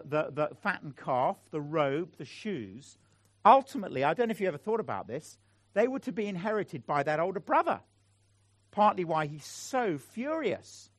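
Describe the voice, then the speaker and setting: A man's voice: high voice, no echo. A middle-aged man preaching a sermon, telling a family story and then pleading earnestly with his listeners. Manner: earnest, pleading appeals to the audience.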